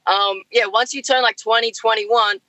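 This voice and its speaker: Australian man, high bright voice, dry close sound, slangy casual storyteller. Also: steady tone, normal speed, dry recording, low-quality recording. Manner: laid-back, storytelling, uses slang. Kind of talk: casual chat.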